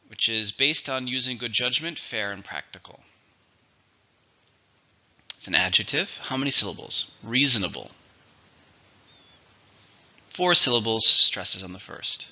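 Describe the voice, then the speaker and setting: A man teaching an English vocabulary lesson, pronouncing words slowly and carefully for learners. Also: mid-range voice, pushed and bright. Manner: slow, careful pronunciation drills. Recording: dull lo-fi recording.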